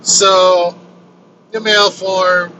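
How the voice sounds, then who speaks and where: A man with a high voice tells a long story, slow and unhurried, while riding in a vehicle. He swears often and lively acts out his characters' lines. Steady road noise hums under everything. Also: highs cut off. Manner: animated, swears freely, acts out quoted lines. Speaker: vlogger telling his own story. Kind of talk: casual storytelling. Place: inside a moving vehicle on a road trip.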